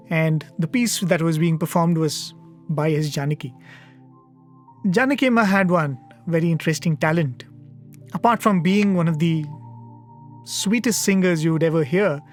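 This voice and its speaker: Guy with a slightly high voice telling a devotional story in a studio, earnest and thoughtful, lots of little pauses and uhs, soft music way back. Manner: earnest, reflective, with pauses and fillers. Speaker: satsang speaker. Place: media centre studio.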